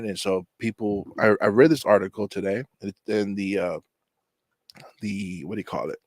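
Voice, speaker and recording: A man's voice: fairly low pitch, dry recording. A man hosting his own channel, talking in a loose, rambling, conversational way to people joining a live chat. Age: adult. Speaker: channel host. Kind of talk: casual livestream chat.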